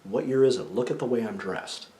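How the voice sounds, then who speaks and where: A man's voice: lowish voice, fairly quick, mellow, reverberant, lightly acted. A man voicing a stubborn young ghost from long ago. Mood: indignant.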